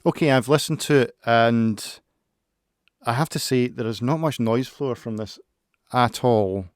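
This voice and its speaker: A man's voice: mid-range voice, unhurried, dry recording. A man giving a casual tech review into a close studio mic at his desk, rambling and hesitant, with many restarts. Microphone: close-up studio microphone.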